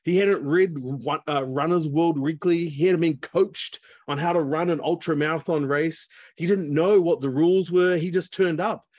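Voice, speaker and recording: A man's voice: fairly high pitch, steady tone, normal speed, few pauses, a little mellow, dry recording, clean studio sound. A man telling a story in a casual, chatty way, full of asides, over a video call. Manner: chatty, lots of fillers and asides. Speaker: speaker.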